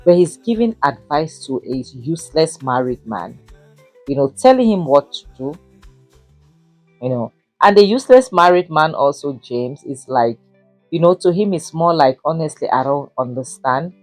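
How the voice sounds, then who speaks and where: A woman's voice: sits low, animated, moderate pace, darkish tone, no room sound, faint music behind. A young woman reviewing a drama series in casual, indignant commentary, stressing points and saying "you know" a lot. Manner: indignant, emphatic, repeats "you know" often.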